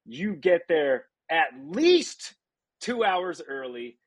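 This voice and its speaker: A man's voice: fairly high pitch, very animated, slow pace. A man co-hosting a casual podcast chat, talking in emphatic, joking banter. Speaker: podcast co-host.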